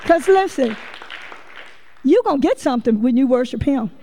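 Woman preacher with a high voice, lively and folksy, addressing the congregation directly in a sermon. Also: moderate pace, some chatter behind, slight background noise.

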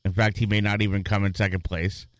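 A man's voice: fairly low pitch, flat delivery, quick pace, dry recording. A man co-hosting a casual chat, joking around and talking with hesitant restarts. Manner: jokey, hesitant, with frequent restarts and sound-effect gags. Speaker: podcast co-host.

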